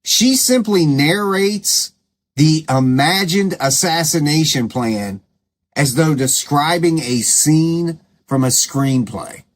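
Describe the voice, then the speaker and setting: A man hosts his own commentary show in a combative, scolding way. His voice sits a little high and swings widely in pitch. He leans hard into sarcasm as he rebuts his critics. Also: lively intonation, slow pace. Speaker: commentary channel host.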